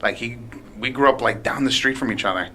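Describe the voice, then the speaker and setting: A man's voice: mid-range voice, a little fast, sharp tone, a little hiss or hum. A young man hosting a podcast, talking in an earnest, casual way and calling people "man" and "dude". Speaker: podcast host. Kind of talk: casual chat.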